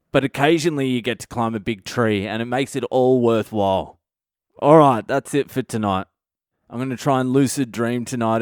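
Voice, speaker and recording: A man hosting a comedy podcast, telling a story as a blunt, profane and animated monologue. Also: medium pitch, clean tone, dry recording, clean studio sound.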